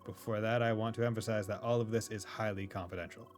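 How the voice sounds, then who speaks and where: A man's voice: lowish voice, level tone, fast talker, natural voice. A man voicing a formal, secretive man who speaks stiffly and carefully.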